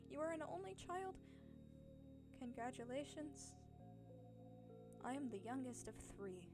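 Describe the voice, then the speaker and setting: A woman's voice: sits high, sing-song, unhurried, long pauses, music in the background. A young woman with a Southern American accent hosting a casual livestream, talking playfully straight to her viewers. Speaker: channel host answering chat questions.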